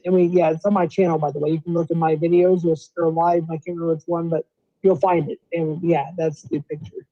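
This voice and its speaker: A man's voice: fairly high pitch, flat delivery, fast talker, warm tone. A man hosting a live stream, chatting casually and interrupting himself to check who is on stage. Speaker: stream host. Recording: dull lo-fi stream audio.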